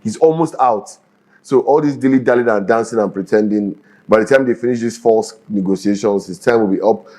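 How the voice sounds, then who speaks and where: A man, a guest commentator who starts haltingly and then speaks with firm sarcasm. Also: lowish voice, dark tone. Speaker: guest analyst. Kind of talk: morning show news commentary.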